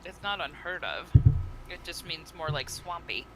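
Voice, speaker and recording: Slow-talking woman player with many questions. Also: low voice, lively intonation, background noise. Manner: curious, questioning.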